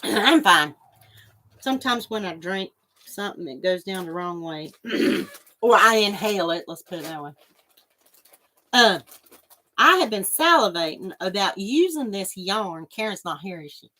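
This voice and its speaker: A woman hosts a casual livestream, rambling as she chats with live viewers and reads their comments aloud. Her mid-range voice is sing-song with a sharp edge, moving at a measured pace with long pauses. At one point she coughs after choking on water.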